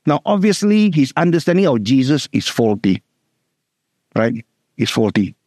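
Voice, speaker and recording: A middle-aged man with a Singaporean English accent, preaching a sermon, repeating key words and slowing down to stress scripture. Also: mid-range voice, very animated, a little mellow, no echo, studio quality.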